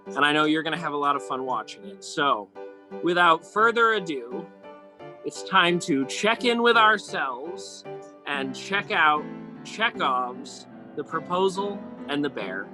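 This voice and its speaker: A man's voice: on the high side, sing-song, unhurried, music in the background. A man introducing a video-call play reading as its director, upbeat and thankful. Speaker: director and host. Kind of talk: scripted introduction. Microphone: computer mic on video call.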